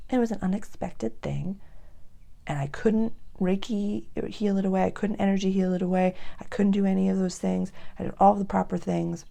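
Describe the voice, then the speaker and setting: A woman giving a casual, earnest astrology reading, often dropping to soft near-whispers. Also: mid-range voice, moderate pace, creaky.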